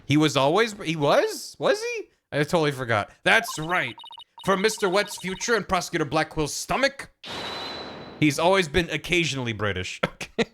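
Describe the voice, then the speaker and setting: A man streaming a game, making quick jokes and asides about what happens on screen. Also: a little high, sing-song, noisy background. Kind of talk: casual game commentary.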